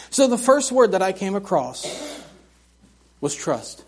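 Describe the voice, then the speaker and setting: Male preacher, middle-aged, very high voice, folksy and animated, sermon in a church. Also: a little slow, breathy edge. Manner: folksy, animated storytelling with humor. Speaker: missionary preacher. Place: church sanctuary.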